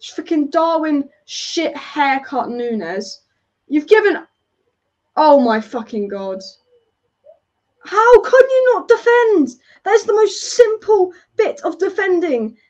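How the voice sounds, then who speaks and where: High-pitched exasperated woman football fan. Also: very animated, takes it slowly, a little mellow. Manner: exasperated, swearing, repeating complaints. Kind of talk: live match watchalong reaction. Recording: dull lo-fi audio.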